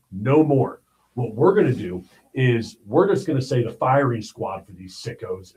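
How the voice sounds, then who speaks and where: A man's voice: mid-range voice, a little mellow, poor audio. A man hosting a livestream, giving blunt, emphatic commentary on the news and often checking in with "all right?". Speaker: livestream host.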